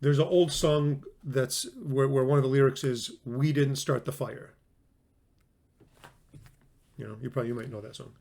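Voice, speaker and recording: A man's voice: medium pitch, steady tone, fast talker, gravelly, hardly any pauses, a little mellow. A man giving a recorded classroom lecture on logic, talking in a conversational way, stressing words for emphasis and often restarting his sentences.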